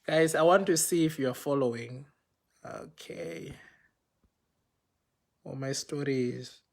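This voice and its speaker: A man's voice: medium pitch, slow pace. A young man telling a personal story on a livestream in a casual, rambling way, often repeating himself and checking in with viewers.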